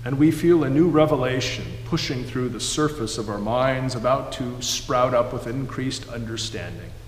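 A man delivering a sermon in a measured storytelling manner. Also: mid-range voice. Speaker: preacher. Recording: echoey hall, faint background noise.

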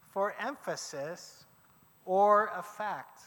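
Lively high-voiced male teacher lecturing. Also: moderate pace, long reverb tail. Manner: lively, questions the class, emphatic exclamations. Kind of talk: classroom lecture with discussion. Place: classroom.

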